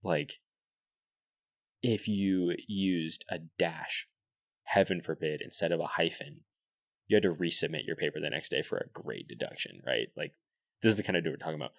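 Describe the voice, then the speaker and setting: A young man chatting as a podcast guest, telling animated, swear-laden stories full of "like" and "dude". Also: sits low, moderate pace, no room sound, clean studio sound. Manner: animated storyteller, swears freely, fillers like "like" and "dude". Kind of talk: casual podcast chat.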